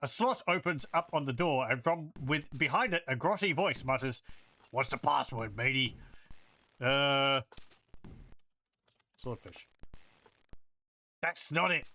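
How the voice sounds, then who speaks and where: Male let's-play host, slow and bright-toned, thinking aloud. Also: fairly high pitch, lively intonation. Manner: thinking aloud, reading game text and combat results. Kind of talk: casual gameplay commentary.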